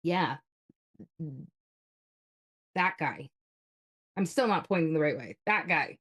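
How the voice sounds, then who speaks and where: A woman's voice: low voice, animated, takes it slowly, fairly bright tone. A woman co-hosting a live stream, chatting casually in a blunt, sassy way and swearing freely.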